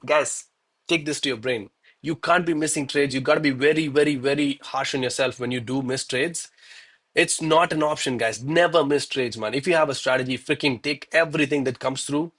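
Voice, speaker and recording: A man's voice: fairly high pitch, fairly bright tone. Guy livestreaming trades, annoyed at himself, says bro and man a lot. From South India. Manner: self-critical and exasperated, peppers talk with "bro" and "man". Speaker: live-streaming gold trader. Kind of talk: live trading stream commentary.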